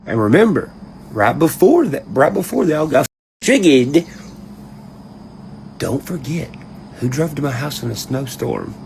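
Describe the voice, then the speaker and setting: Guy ranting and cussing, voice jumps all over the place, does goofy high voices mocking folks, bit of background hiss. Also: unhurried, vocal fry, pauses often. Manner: animated storytelling, mocks others in high put-on voices, heavy cursing, laughs often. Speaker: online commentator ranting to his audience. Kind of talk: casual profane rant.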